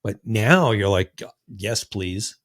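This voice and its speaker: A man's voice: fairly low pitch, lively intonation, slow pace, a bit bright. A man in his sixties, a podcast host, telling long, profane stories in casual chat and acting out the lines of people in them. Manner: rambling, profane storytelling with acted-out quotes.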